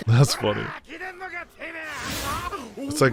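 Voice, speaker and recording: Excitable man reacting to anime. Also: fairly low pitch, takes it slowly, long pauses, soft background music. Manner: excitable, exclaims and shouts at the screen; slangy, says dude and bro a lot. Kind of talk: casual reaction commentary. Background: anime audio playing faintly.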